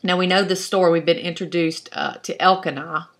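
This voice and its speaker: A woman's voice: fairly low pitch, fairly even intonation, a little fast, fairly bright tone. A woman teaching an online class, explaining step by step in a patient way and thinking aloud as she goes. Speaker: Hebrew instructor.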